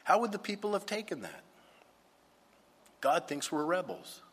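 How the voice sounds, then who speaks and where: A man's voice: high-pitched, sing-song, measured pace, a bit bright. A man preaching a sermon as a pastor, emphatic and full of rhetorical questions. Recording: husky voice with long hall reverb.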